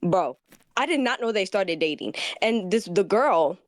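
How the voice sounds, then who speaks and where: A woman caller telling a petty story about her exes to a streamer in an animated, casual way. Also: medium pitch, unhurried, no room sound. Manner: animated, petty, acts out quotes. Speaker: caller asking for advice.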